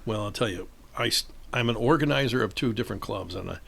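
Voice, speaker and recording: A man's voice: lowish voice, quick pace, gravelly. An older man from northern Illinois, a chess club organizer telling stories in a casual interview and acting out the voices of the people in them. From northern Illinois, USA. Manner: animated storyteller acting out quoted voices, laughs often.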